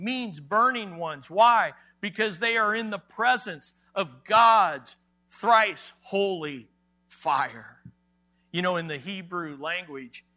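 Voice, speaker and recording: A male pastor preaching a sermon, emphatic, rising loud on key words and dropping soft. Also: sits high.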